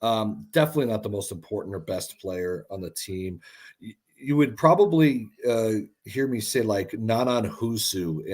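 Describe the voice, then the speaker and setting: A man breaks down a soccer team in easygoing sports talk. His voice is a bit husky and his delivery lively and casual, full of fillers and slang. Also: lowish voice. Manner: animated, uses filler and "dude". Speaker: soccer commentator guest.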